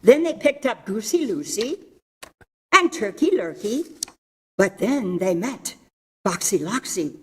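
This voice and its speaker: A woman, a teacher, giving public comment at a council podium, reading a story aloud in a loud, earnest teacher voice. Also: medium pitch, sing-song, slow pace, pauses often, husky. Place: city council chamber.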